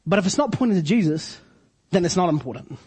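A man delivers a sermon. His voice sits high for a man and has a husky, breathy edge. He leans on slow, deliberate repetition to drive his points home. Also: animated, a little mellow. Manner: preaching with slow emphatic repetitions. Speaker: pastor.

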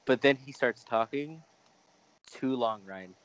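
An excitable young man rambles through a casual podcast chat. His voice sits at an ordinary middle pitch. He piles on filler words as he talks. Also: slow pace, background noise.

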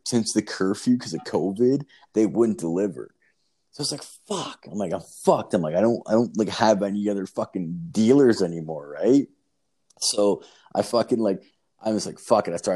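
A man's voice: low-pitched, mellow. A man telling a story in casual chat, rambling and swearing, with lots of filler words.

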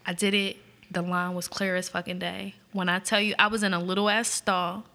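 Bright-voiced woman telling a wild story. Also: lowish voice, fairly quick. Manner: profane, animated, laughs a lot. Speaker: podcast co-host. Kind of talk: storytelling in casual chat.

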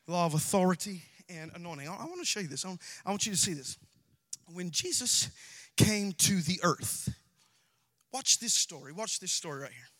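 A man preaching with fiery intensity, his high, bright voice climbing into shouts and then dropping to hushed asides. He delivers a sermon from the pulpit of a church, with a sharp, ringing edge. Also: expressive, normal speed, pauses often. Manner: impassioned preaching, swings from shouts to quiet asides. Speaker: pastor. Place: church sanctuary.

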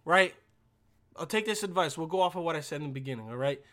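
A man's voice: a little high, animated, quick pace, fairly bright tone. A young man ranting casually and profanely, stumbling over repeated words and checking "all right?" after every point. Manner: stumbling repetitions.

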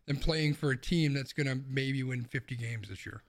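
A man's voice: medium pitch, moderate pace. A man co-hosting a sports podcast from home, ranting heatedly and swearing. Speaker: podcast co-host. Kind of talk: casual sports chat. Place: home room with windows open.

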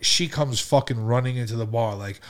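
A man with a mid-range voice tells a rowdy story on a casual podcast. He swears constantly and jumps into animated re-enactments of what everyone said. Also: medium pitch, brisk. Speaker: podcast co-host.

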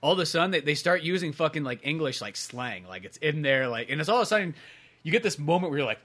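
Man, bright tone, slightly high pitch, casual podcast chat, rambling, swears, laughs. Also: animated, fast. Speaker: podcast co-host.

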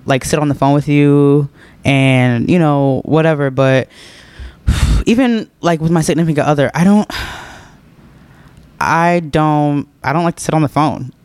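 A young man hosts a podcast in an easygoing, conversational way, full of fillers and easy laughter. His voice sits a little high and sounds smooth and clear. The recording is close and dry. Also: no echo. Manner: laid-back and conversational, laughs often, heavy use of filler words. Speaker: podcast host. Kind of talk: casual podcast chat answering listener questions.

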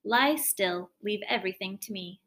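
A wise old storybook queen who speaks calmly and soothingly, quietly sure of her plan, as a woman reading the tale puts her on. Her voice is gentle and unhurried. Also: medium pitch, close to an everyday voice.

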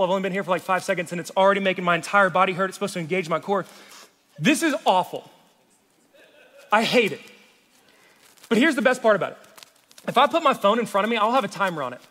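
A man preaching a sermon as a youth pastor, animated, swinging from loud to hushed. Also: sits high, quick pace, in a large hall.

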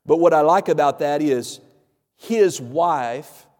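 A pastor preaching a sermon, telling stories and acting out the voices of the people in them, with emphatic delivery. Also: male voice, on the high side, slow, darkish tone, in a large hall. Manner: storytelling, acts out quoted voices, emphatic.

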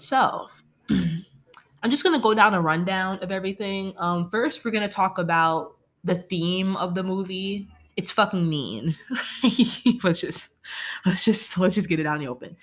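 A woman ranting casually about a movie she hates, exasperated and swearing freely. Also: on the low side. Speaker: movie reviewer.

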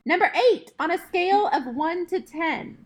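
A woman hosting a casual quick-fire question game with friends, brisk and playful as she reads out each question. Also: very high voice.

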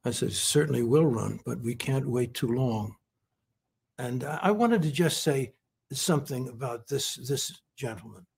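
Husky-voiced man speaking haltingly. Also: mid-range voice, animated, a little mellow. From California. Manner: halting, repeats words, many fillers. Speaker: interview guest. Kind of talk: heartfelt conversational praise.

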